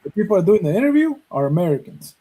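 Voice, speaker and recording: Podcast host, man, 30s, from Mexico; mellow, husky tone; swears freely while narrating and acts out quoted lines. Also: sits high, racing, low-quality recording. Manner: profane, animated, acts out quoted dialogue. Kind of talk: casual storytelling.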